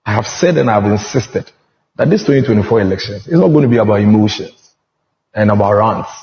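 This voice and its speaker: A man with a Ghanaian accent, a guest on a TV panel, making a deliberate, reasoned argument. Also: lowish voice, lively intonation. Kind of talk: measured panel discussion. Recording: roomy, muffled studio audio.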